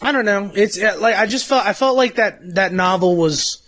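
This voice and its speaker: Male co-host, casual and hesitant, slightly high voice. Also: normal speed, a bit bright. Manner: hesitant, filler-heavy. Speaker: podcast co-host. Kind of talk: casual chat.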